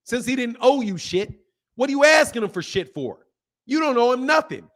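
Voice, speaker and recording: High-voiced man on a heated profane rant. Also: very animated, normal speed, a bit bright. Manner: heated, profane, hammering repetition; reads viewer comments aloud. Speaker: boxing channel host. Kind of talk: ranting boxing commentary to viewers.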